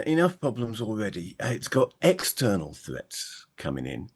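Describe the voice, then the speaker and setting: Deep-voiced man playing a tabletop game. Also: creaky, slightly rough. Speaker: player. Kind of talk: in-character tabletop role-play.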